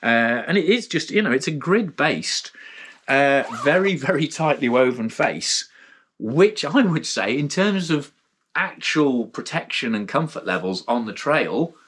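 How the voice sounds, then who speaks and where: A man's voice: medium pitch, very animated, a little slow, a bit bright, slightly rough. A man with a British accent hosting a casual spoken gear review, frank and rambling, with blunt asides and frequent restarts. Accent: British English. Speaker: mountain bike gear reviewer, channel host.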